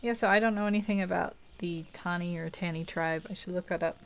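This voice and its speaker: A woman's voice: on the low side, fairly even intonation, fairly quick, vocal fry, slight background noise. A young woman hosting a live art stream, chatting casually and rambling while she paints, laughing often and poking fun at herself. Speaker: art livestream host.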